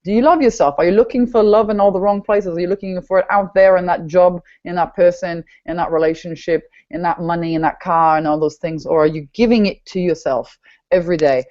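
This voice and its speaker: Lively, emphatic woman podcast host. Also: fairly low pitch, brisk. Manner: animated, emphatic, repeats herself. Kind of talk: enthusiastic interview chat. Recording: dull lo-fi audio.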